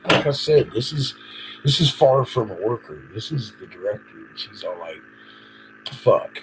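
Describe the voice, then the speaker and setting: A man's voice: mid-range voice, animated, normal speed, noisy background. A man live-streaming an unscripted monologue, agitated, swearing and rambling. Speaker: livestreamer.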